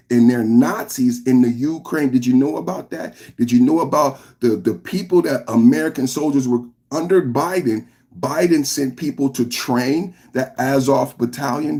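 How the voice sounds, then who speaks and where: A man's voice: mid-range voice, a little mellow. A male podcast host ranting combatively on a live reaction stream, firing rhetorical questions and reading out chat comments.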